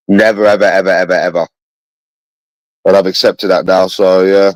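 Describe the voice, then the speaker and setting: A man's voice: fairly low pitch, fairly even intonation, fairly quick, dry recording, low-quality recording. A man with a London accent, talking to his viewers in a rambling livestream monologue. He sounds bitter, repeats himself and swears often.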